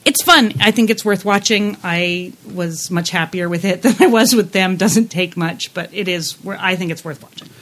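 A woman co-hosting a podcast, giving blunt, animated reviews in casual chat with frequent restarts. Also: lowish voice, moderate pace, few pauses. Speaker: podcast co-host.

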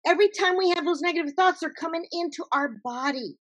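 A woman author talking as an interview guest, telling her story in an emphatic, animated way. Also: extremely high pitch, fast. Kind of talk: conversational interview.

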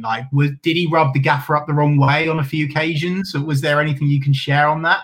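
A man's voice: fairly high pitch, moderate pace, few pauses, fairly bright tone. A man hosting a casual football interview, asking chatty, leading questions.

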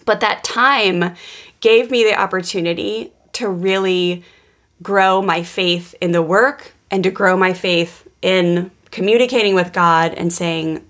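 Earnest woman with a gravelly voice. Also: lowish voice, a little slow, fairly bright tone. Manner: earnest storytelling, frequent restarts. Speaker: podcast co-host, parenting coach. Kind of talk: casual podcast conversation.

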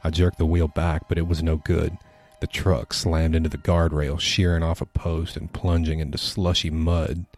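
A man narrating a scary story for a podcast in a steady, measured reading. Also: extremely low pitch, faint music behind. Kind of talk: scripted horror story narration.

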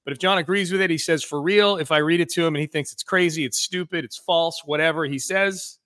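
A man hosting a casual sports podcast, talking quickly with jokes and many restarts. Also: on the high side, sharp tone, no echo, studio quality. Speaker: sports radio host.

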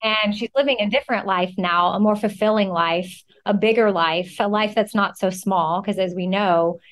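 A woman's voice: medium pitch, normal speed. A woman hosting a podcast, introducing her guest and asking questions in an encouraging, emphatic way. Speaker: podcast host. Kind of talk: casual podcast interview.

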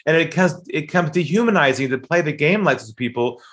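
A man's voice: a little high, expressive, fairly quick, a bit bright. A man telling a dramatic story about a sales call, acting out the quoted voices with emphatic delivery. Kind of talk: animated storytelling.

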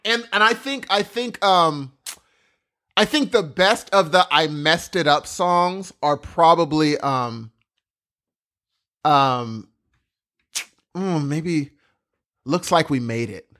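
A man's voice: fairly high pitch, takes it slowly, pauses often, sharp tone. A man co-hosting a podcast in casual chat, wry and mock-exasperated. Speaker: podcast co-host.

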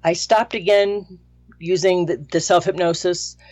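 A woman working as a hypnotist, answering interview questions in a thoughtful way with some pauses. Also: lowish voice, fairly even intonation, darkish tone, dry recording. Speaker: hypnotist guest.

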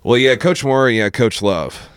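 A young man, a podcast guest and former teacher, telling animated stories and acting out what others said. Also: mid-range voice, a little slow, a little hiss or hum. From Appalachian Kentucky. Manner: animated storyteller who acts out quotes, says dude a lot. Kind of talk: casual storytelling chat.

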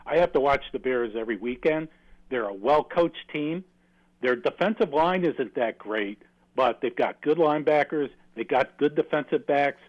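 A man calls in to a sports radio show and gives an earnest, steady analysis. His voice sits in a mid range. The call comes through a dull phone line. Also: mid-range voice, normal speed. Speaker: caller.

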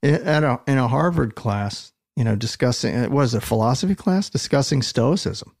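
A man hosts a casual conversation with a gravelly, fry-edged voice and dry quips. The sound is close and dead, with no room around it. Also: mid-range voice, animated, moderate pace, darkish tone, dry recording. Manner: wry, joking, steers the talk. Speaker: podcast host. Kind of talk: casual chat.

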